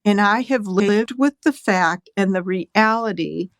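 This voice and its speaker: A middle-aged woman telling a personal story as a podcast guest, earnest, slowing down for quoted voices. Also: mid-range voice, clear, resonant tone, dry recording, studio quality.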